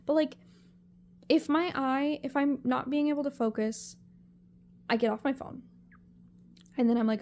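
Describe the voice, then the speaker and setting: Young woman, confessional vlog, higher pitch, mellow tone, emotional, halting, rambling. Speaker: vlogger.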